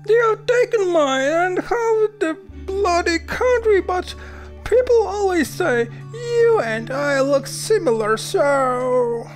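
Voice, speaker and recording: A woman voicing a desperate relative who pleads in a very high, tearful voice as she reads a game aloud. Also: animated, slow pace, faint music behind, exaggerated voice. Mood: pleading.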